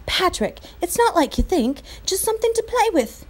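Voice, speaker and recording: A woman reading aloud and voicing an anxious young boy, pitched high and urgent. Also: big pitch swings, normal speed.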